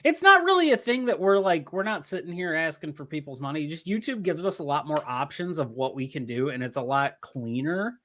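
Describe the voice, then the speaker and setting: A man's voice: fairly high pitch, fairly quick, few pauses. A man from Michigan co-hosting a wrestling podcast in casual chat, rambling and swearing as he tells stories. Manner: rambling, swearing, animated storytelling. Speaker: podcast co-host.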